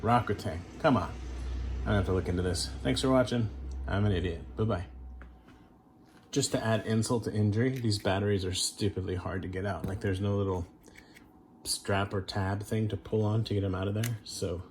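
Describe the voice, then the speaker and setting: Low-voiced wry man vlogging at home. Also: fairly even intonation, brisk, a little mellow, slight background noise. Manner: wry and self-deprecating, thinking aloud. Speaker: collector and channel host. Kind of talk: casual unboxing vlog.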